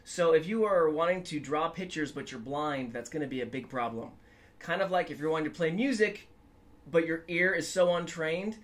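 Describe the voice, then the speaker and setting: Upbeat male guitar teacher. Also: a little high. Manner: upbeat, chatty, sings scales to demonstrate. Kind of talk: casual guitar lesson.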